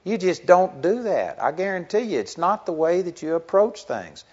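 Very animated and a little mellow, this middle-aged pastor's high voice moves at a moderate pace through a sermon. His earnest, conversational preaching swells into emphatic stretches, and the recording is dull and lo-fi.

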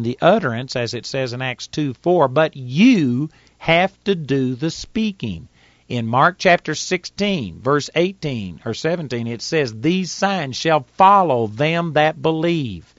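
A medium-pitched man with a Texas accent preaches a plain, folksy sermon, teaching from the Bible and reading scripture aloud. There is no echo, and the sound is lo-fi.

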